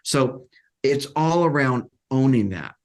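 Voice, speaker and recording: A man career coach talking casually as a podcast guest, animated and acting out quotes, with frequent restarts. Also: mid-range voice, slow pace. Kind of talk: casual interview talk.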